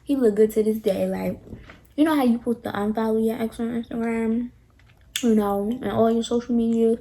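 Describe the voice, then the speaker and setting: A young woman with a fairly high voice tells a storytime tale straight to her viewers. She is casual and animated, leaning into the drama of every twist. A soft hiss of faint noise sits under her voice at home. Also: normal speed. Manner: animated, dramatic retelling, addresses viewers directly. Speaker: vlogger.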